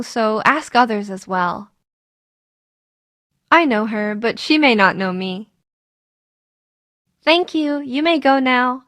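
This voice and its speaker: A woman reading short English practice sentences one by one in a clear, measured way. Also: fairly high pitch, fairly bright tone, dry recording, studio quality. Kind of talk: slow scripted sentence reading.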